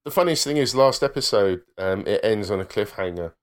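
A man's voice: on the low side, lively intonation, a little fast. A man chatting casually on a podcast, enthusiastic and full of fillers. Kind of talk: casual chat.

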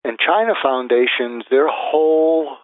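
A man's voice: mid-range voice, a little slow, no room sound. A man talks through a method one step at a time, stopping to act out the phrases he would use. His voice comes through a narrow, phone-like line. The sound is dry, with no room around it. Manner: methodical, lists numbered steps, acts out example phrases. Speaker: guest expert. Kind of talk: interview answers, explaining step by step.

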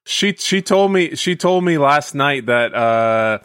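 A man co-hosting a casual gaming podcast, wry and joking, with quiet chuckles. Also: fairly high pitch, lively intonation, slow, smooth, no room sound, studio quality. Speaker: podcast co-host.

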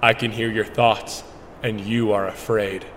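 A man voicing a young man who has turned into a menacing, gravelly action-movie survivalist in a comedy skit. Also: fairly low pitch, little pitch movement, measured pace, noisy background, natural voice. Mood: accusing.

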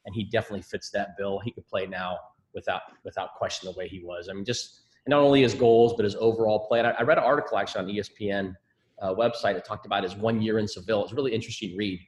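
A fast-talking man in his sixties, a podcast guest who tells relaxed, rambling stories full of fillers. His voice sits low, and the room around him rings with echo. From Scotland. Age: 60s. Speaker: podcast guest, former soccer coach. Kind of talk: casual interview chat. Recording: echoey room.

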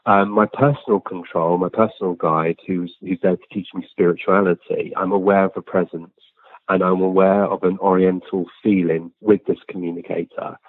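A man's voice: low voice, level tone, normal speed, a little hiss or hum. A man, an interview guest, talking plainly and earnestly with frequent ums and restarts. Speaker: guest, physical medium. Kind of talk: relaxed conversational storytelling. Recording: tinny phone-line sound, dry.

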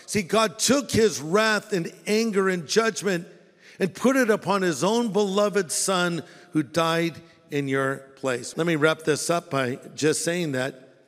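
A man preaching a sermon as pastor, animated and playfully mocking, acting out the voices he quotes. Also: high voice. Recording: long hall reverb.

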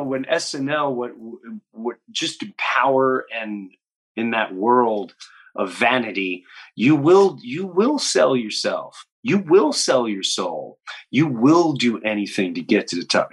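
A comedian in his fifties tells stories as an interview guest. His voice is husky, with a forceful, tense edge. He is animated and slips into other people's voices as he acts out their lines. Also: mid-range voice. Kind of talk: storytelling in an interview.

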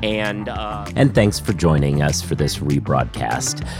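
A man hosting a legal podcast, arguing his point quickly and emphatically, then reading the show's sign-off. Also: extremely low pitch, expressive, music in the background. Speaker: podcast host. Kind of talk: casual podcast debate.

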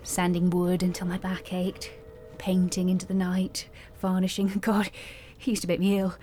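A woman's voice: fairly low pitch, completely flat delivery, warm tone, soft background music, natural voice. A woman playing a chatty, fussy host who shows a friend around her lighthouse in a radio drama. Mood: hushed. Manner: quick, fussy and rambling.

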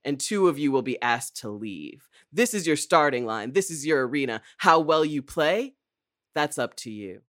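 A man's voice: a little high, sing-song, normal speed, fairly bright tone, no echo, clean studio sound. A man reading a stern senior surgeon's speech to interns with an emphatic, stagey delivery.

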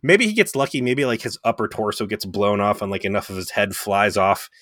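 A man's voice: fairly low pitch, brisk, fairly bright tone, no room sound, clean studio sound. A man co-hosting a podcast, recapping a TV episode in rambling, profane, joking casual chat. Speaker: podcast co-host.

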